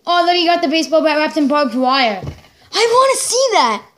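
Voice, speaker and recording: A woman hosting a reaction video, giving excitable live commentary, exclaiming and laughing along as she watches. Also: high-pitched, fairly quick.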